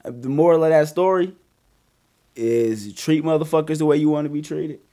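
Profane animated man telling a story. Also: on the high side, moderate pace. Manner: profane, animated retelling with loud bursts. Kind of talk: casual storytelling chat.

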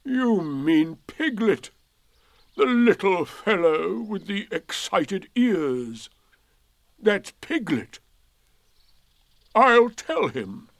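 A man's voice: high voice, big pitch swings, a bit bright, dry recording, full character voice. A man doing Eeyore, a gloomy old donkey. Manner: slow, mournful, sarcastic. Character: gloomy old male donkey, self-pitying. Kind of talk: storybook reading.

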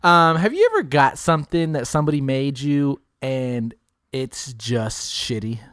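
A man's voice: medium pitch, measured pace, clear, resonant tone, no echo, clean studio sound. Give me a brash, teasing man co-hosting a podcast, telling stories with lots of swearing. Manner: brash, profane, teasing, animated storyteller. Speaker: podcast co-host. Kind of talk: casual podcast banter.

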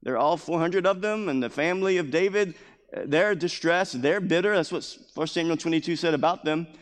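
Male pastor, slightly high-pitched, repeats phrases for emphasis, recorded in a reverberant sanctuary. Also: a little fast. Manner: acts out scripture quotes in a raised voice. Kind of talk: sermon. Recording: long hall reverb.

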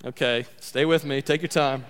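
A man's voice: medium pitch, steady tone, normal speed, fairly bright tone, clean tone. A middle-aged man preaching a sermon as pastor, emphatic and repeating key lines for stress. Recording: long hall reverb.

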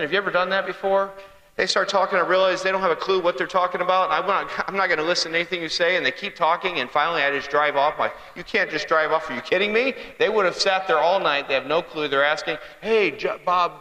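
Speaking quickly in a high, sharp voice with fairly even intonation, this man gives a funny sermon as a conversational storyteller who puts questions to the crowd. The poor audio was captured in a large, echoey hall.

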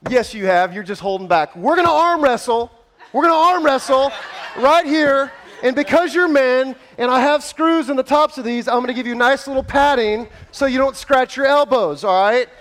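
A man pastor running a playful contest in front of his church, joking and shouting with excitement, then winding down out of breath with a scratchy throat. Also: very high-pitched. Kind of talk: lively church service hosting. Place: large church hall with congregation.

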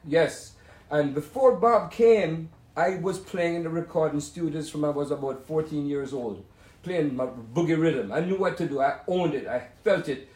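A man's voice: a little high, moderate pace, a little mellow, roomy sound. A man in his seventies with a Jamaican accent, a musician reminiscing at home in a rambling, showman-like monologue. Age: 70s. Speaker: musician hosting a talk session.

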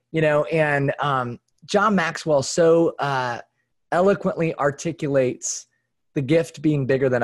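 A man hosting a podcast, effusive and affirming toward his guest. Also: fairly high pitch. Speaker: podcast host. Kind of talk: podcast conversation.

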